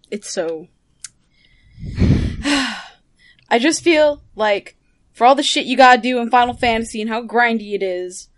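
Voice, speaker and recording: A woman guest on a podcast, chatting casually in a rambling, self-deprecating way with casual swearing. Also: medium pitch. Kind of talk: casual chat.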